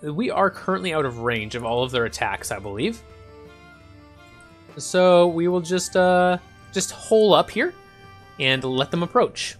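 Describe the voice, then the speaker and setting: A fairly high-voiced man talks through his gameplay in a relaxed, rambling way. His pitch moves around animatedly as he thinks aloud, with faint game music underneath. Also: measured pace, long pauses. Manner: thinks aloud, chuckling, many ums and uhs. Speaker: gaming channel host. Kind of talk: casual let's-play commentary.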